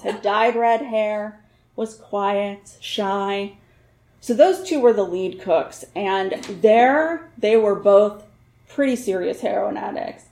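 A woman's voice: a little high, darkish tone. Wry laughing woman storyteller, roomy sound. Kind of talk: personal storytelling.

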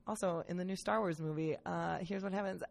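Lively, self-mocking young woman on a podcast. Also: lowish voice, a little fast, gravelly, slight background noise. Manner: animated, self-mocking, swears freely. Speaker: podcast guest, comedic performer. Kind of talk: casual chat.

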